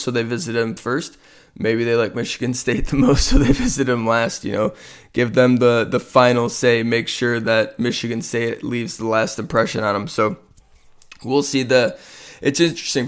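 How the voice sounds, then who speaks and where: A man with a clear, resonant, medium-pitched voice hosts a sports podcast solo. His delivery is a casual, tired ramble with lots of fillers, yawns, and self-deprecating remarks.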